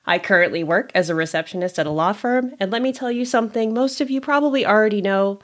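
A woman's voice: mid-range voice, quick pace. A woman from California co-hosting a podcast, introducing herself in a jokey, chatty way. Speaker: podcast co-host. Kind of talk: casual podcast self-introduction.

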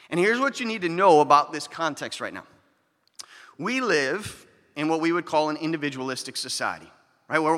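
A man's voice: fairly high pitch, bright, forceful tone. A man preaching as a pastor, conversational, with playful asides and quoted scripture. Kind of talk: sermon. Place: church hall. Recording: long hall reverb.

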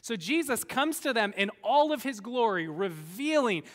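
A high-voiced man preaching in a big hall, his bright, forceful voice trailing off into long reverb. He tells Bible stories like a storyteller, slipping into the voices of the people in them. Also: normal speed. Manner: animated storyteller, acts out voices of biblical figures. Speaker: pastor. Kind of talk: sermon.

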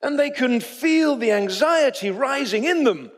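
With an extremely high pitch and a measured pace, a pastor delivers a sermon in a church sanctuary. His storytelling is animated, and he voices the characters himself.

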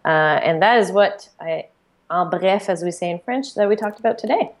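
A woman's voice: lowish voice, normal speed, a little hiss or hum. A woman co-hosting a podcast, chatty and enthusiastic, with lots of filler words as she recaps. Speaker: podcast co-host. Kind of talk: casual podcast chat.

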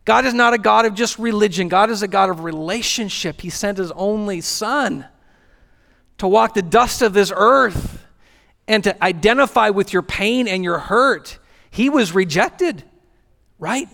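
High-voiced gravelly pastor preaching. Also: male voice, fairly bright tone. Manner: rhythmic repetition with dramatic pauses. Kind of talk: sermon. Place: church sanctuary. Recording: long church hall reverb with faint music.

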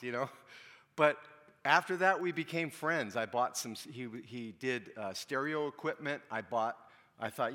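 A man's voice: medium pitch, expressive, normal speed, bright, forceful tone. Conversational man preaching in a reverberant hall. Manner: conversational, asks the congregation questions. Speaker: pastor. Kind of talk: sermon.

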